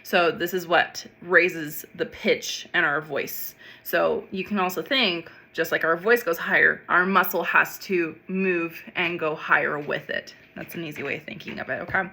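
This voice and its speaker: A middle-aged woman voice teacher gently explaining a neck stretch and vocal warm-up, chatty and full of fillers. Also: fairly low pitch, normal speed, hardly any pauses. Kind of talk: instructional vocal warm-up demonstration.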